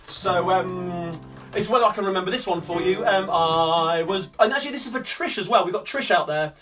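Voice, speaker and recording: A man's voice: high-pitched, normal speed. A man from hosting a live sing-along, chatting upbeat and rambling with lots of fillers. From Coventry, England. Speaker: singer and host of a live-streamed sing-along. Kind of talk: chatty live-stream banter between songs. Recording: distant mic with guitar playing.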